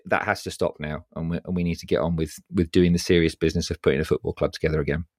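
Deep-voiced emphatic man, dry mic. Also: steady tone, rapid-fire, a little mellow, dry recording. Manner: emphatic, insistent repetition. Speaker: podcast co-host. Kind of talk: casual football podcast chat.

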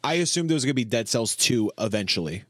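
A man's voice: mid-range voice, lively intonation, fast, fairly bright tone, no echo, studio quality. A man co-hosting a casual podcast chat, laid-back but enthusiastic, with some swearing. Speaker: podcast co-host.

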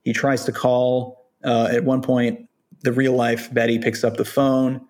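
A man's voice: mid-range voice, little pitch movement, normal speed, darkish tone. Male podcast host, casual and opinionated, medium voice, thinks aloud.

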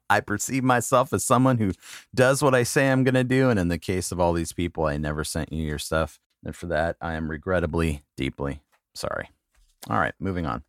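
A middle-aged man with a very low voice speaks in a casual solo monologue for his podcast. He is halting and apologetic, pokes fun at himself, and reads names out slowly one by one. The sound is close and dry, with no room echo at all. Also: a bit bright. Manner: halting, apologetic, self-deprecating. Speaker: podcast host.

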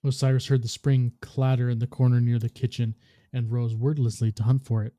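A podcast host reads a story aloud in a steady, even way. His voice is very dark and heavy, and the recording is dry and close. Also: medium pitch, a little fast, no room sound.

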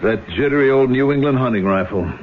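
A man's voice: mid-range voice, fairly quick, lightly acted. A man playing a tormented middle-aged man haunted by a killing he cannot remember, by turns brooding and anguished, on an old radio broadcast. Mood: friendly. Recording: tinny old radio broadcast with faint hiss.

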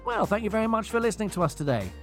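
A man's voice: high-pitched, very animated, very fast, over loud music. A man co-hosting a podcast, laid-back and chuckling, also reading the show's outro. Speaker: podcast co-host. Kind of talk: casual chat, read outro.

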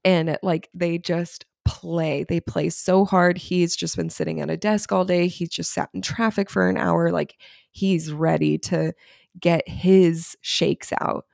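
A woman in her thirties co-hosting a podcast, chatting casually and telling lively stories about parenting a child with diabetes. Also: on the low side, measured pace, creaky, dry recording, studio quality. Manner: chatty, animated storytelling. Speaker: podcast co-host. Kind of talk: casual chat.

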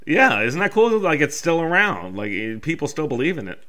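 A man's voice: on the high side, very animated, brisk, pushed and bright. A man co-hosting a podcast, reading folklore facts in casual chat and following them with wry jokes. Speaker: podcast co-host.

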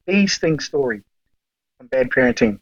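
A man's voice: mid-range voice, animated, normal speed, dry recording, muffled recording. A man, a podcast guest telling long, rambling stories in casual chat, swearing freely and full of fillers.

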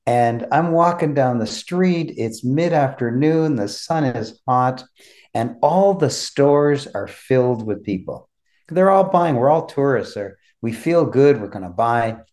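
A man hosting a podcast, telling a story in a measured, descriptive way. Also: mid-range voice, animated, darkish tone. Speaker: podcast host. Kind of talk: conversational storytelling.

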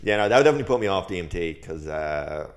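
A man with a very low voice, co-hosting a relaxed podcast. He agrees easily and often, and he sometimes throws in a joke. His tone stays low and laid-back. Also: racing. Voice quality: easygoing, agrees a lot with "yeah, yeah". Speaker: podcast co-host. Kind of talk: casual chat.

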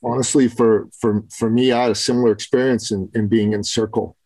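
A man's voice: medium pitch, steady tone, brisk, dark tone, slightly rough, no room sound, rough recording. A man telling a personal story in casual podcast chat, growing fervent and preachy. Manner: fervent, builds to preaching intensity.

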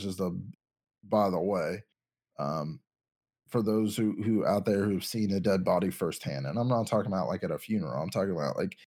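A young man with a fairly low voice talks casually on a podcast. He rambles and thinks out loud, restarting his sentences as he goes. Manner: rambling, many ums and restarts, thinking aloud. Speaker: podcast co-host. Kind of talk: casual chat.

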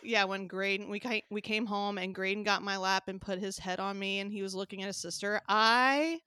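A young woman podcast co-host chatting casually and telling a story in an animated way, often laughing. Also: medium pitch, quick pace, clear, resonant tone, dry recording. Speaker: podcast co-host, new mother of two. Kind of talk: casual chat.

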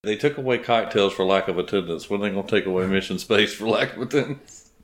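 A man co-hosting a casual podcast, eagerly pitching ideas. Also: quick pace, slight background noise. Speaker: podcast co-host. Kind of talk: casual chat.

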